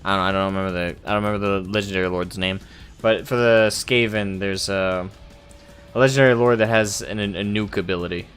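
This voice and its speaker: A man's voice: lowish voice, steady tone, fairly quick, a bit bright, faint music behind. A man hosting a casual strategy-game let's play, mumbling and joking as he plays. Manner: playful, mumbling to himself while playing. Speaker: gaming channel host.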